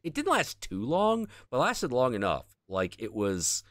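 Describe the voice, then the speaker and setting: A man's voice: medium pitch, wildly swooping pitch, a little slow, a bit bright, dry recording. A man hosting a casual stream, chatting about comics in a rambling, profane way and stopping to search for things as he talks. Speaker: stream host.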